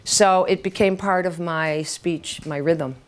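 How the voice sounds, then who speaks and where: A woman in her seventies, a writing teacher, tells candid stories to an audience, swearing freely and acting out the voices of the people in them. Her voice is on the low side, with fairly even intonation and a slow pace.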